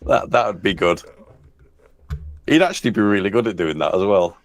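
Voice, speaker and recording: A man's voice: lowish voice, lively intonation, normal speed. A man guesting on a casual live-stream chat, teasing the host with dry banter and chuckles.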